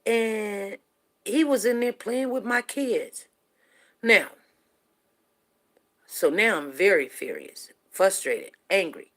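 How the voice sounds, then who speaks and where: A middle-aged woman hosting a show, casually telling a personal story to her viewers, animated and repeating herself as she talks to them directly. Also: mid-range voice, takes it slowly, long pauses. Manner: animated, repeats words, asks listeners "you know what I'm saying".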